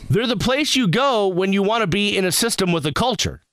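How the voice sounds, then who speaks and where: Animated male sports radio host. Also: high-pitched, a little fast, dry recording, studio quality. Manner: animated, storytelling with quoted asides. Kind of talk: casual sports talk. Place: radio studio.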